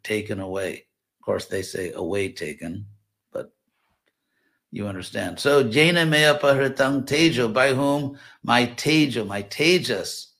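A low-voiced man teaches a scripture class at a slow, measured pace. He unpacks Sanskrit words one by one, pausing to explain each. His voice has a gravelly edge. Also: fairly bright tone.

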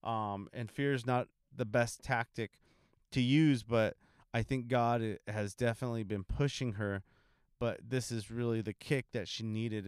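A young man from California who serves in a church ministry, telling a testimony in a relaxed, rambling way with many ums. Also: medium pitch, smooth, no echo, clean studio sound. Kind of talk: casual testimony talk.

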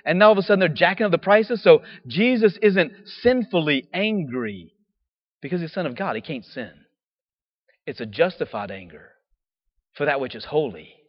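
Animated high-voiced preacher. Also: male voice, moderate pace, big-room sound, muffled recording. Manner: animated, casual slang, acts out quotes. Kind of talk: sermon.

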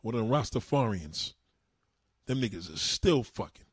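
A man hosting a crude, profane monologue show, talking in an animated way and repeating himself. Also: fairly low pitch, normal speed, slightly rough, no echo, studio quality. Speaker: show host.

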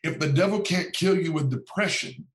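A man's voice: on the high side, moderate pace, poor audio. A man, a pastor and author, talking as a podcast guest in an earnest, sermon-like cadence with frequent repetitions. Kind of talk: preaching-style podcast talk.

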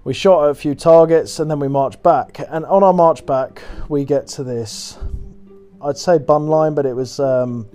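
A man's voice: a little high, moderate pace, mellow, faint music behind. A young man casually telling a rambling, sweary story and laughing at his own tales. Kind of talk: casual anecdote.

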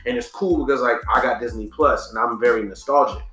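Man, casual podcast chat, slangy storytelling, forceful bright tone, faint background music. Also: medium pitch, quick pace, echoey room. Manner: relaxed storytelling, slangy, trails off and restarts. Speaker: podcast co-host.

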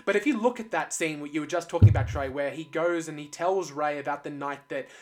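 A man's voice: a little high, fast talker. A man with an Australian accent in a casual film discussion, talking in long, rambling stretches full of restarts and fillers.

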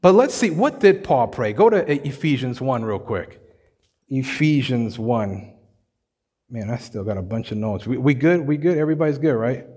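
A male pastor preaching a sermon in a relaxed, joking, slangy way. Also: mid-range voice, moderate pace, husky, long reverb tail. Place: church sanctuary.

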